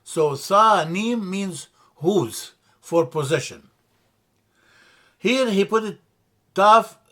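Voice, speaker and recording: A man teaching a language lesson from slides, slow and deliberate, repeating terms and correcting himself as he explains. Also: a little high, fairly bright tone. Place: church classroom.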